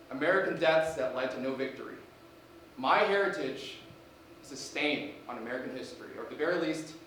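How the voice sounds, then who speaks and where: A man's voice: medium pitch, fairly bright tone, slight background noise. A man doing a solo comedy monologue as a student, wry and dry, with reflective turns. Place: live theater stage. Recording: echoey stage from a distance.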